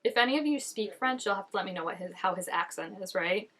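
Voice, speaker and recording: Chatty woman reacting to a show. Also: mid-range voice. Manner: chatty, animated, many "like" fillers, quick laughs. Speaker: reaction video host. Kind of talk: casual reaction commentary. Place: indoors at home, changing daylight.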